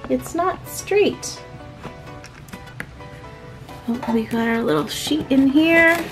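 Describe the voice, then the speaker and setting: A woman's voice: sits high, takes it slowly, over music, rough recording. A woman narrating a toy unboxing in a sweet, gushing, sing-song way.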